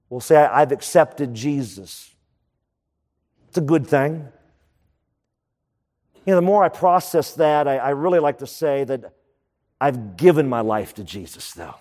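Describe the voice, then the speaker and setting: A man's voice: on the high side, dark tone, long reverb tail. A man preaching a sermon as pastor, emphatic and repeating key phrases for effect.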